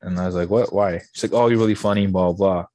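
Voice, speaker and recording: A young man rattles through an anecdote at a quick clip, his voice on the lower side and recorded close and dry. He swears freely and slips into quoted dialogue as he goes. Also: fairly even intonation, mellow, no echo. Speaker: podcast guest. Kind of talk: casual storytelling.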